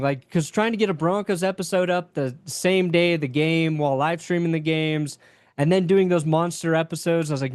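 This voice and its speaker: A young man talks in a loose, candid podcast chat, rambling through his thoughts and swearing casually. His voice sits a bit high for a man. The sound is dry and close, with no room around it. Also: moderate pace, smooth, no echo. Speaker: podcast guest, sports YouTuber.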